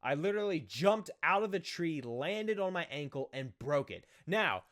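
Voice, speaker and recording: A young man tells a childhood story straight to the camera, casual and lively. His voice sits a bit higher than most men's, and he laughs at himself as he acts out what the others said. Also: moderate pace. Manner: animated, self-mocking, acts out quoted voices. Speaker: vlogger.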